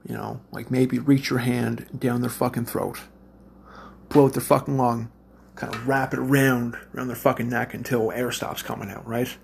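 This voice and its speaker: A man's voice: medium pitch, steady tone, normal speed, gravelly, a little hiss or hum. A man telling a rambling, profane story to his listeners in a loose, blunt way.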